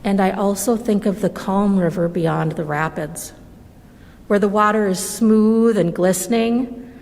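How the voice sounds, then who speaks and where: A woman reading a children's story aloud at a church service, gentle and measured. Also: medium pitch, gravelly. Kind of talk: slow storybook read-aloud. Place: church sanctuary. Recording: long reverb of a large hall.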